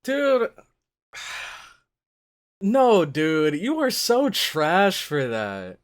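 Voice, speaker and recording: A reaction channel host giving casual live commentary on an anime, with excitable gasps and exclamatory outbursts. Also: medium pitch, extremely slow, pauses often.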